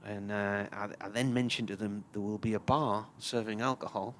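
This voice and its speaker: A man's voice: lowish voice, fairly even intonation, normal speed, a bit bright, a little hiss or hum. A man, commentating on live cricket and telling a long, chatty anecdote. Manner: chatty storyteller, puts on voices for characters in his tales.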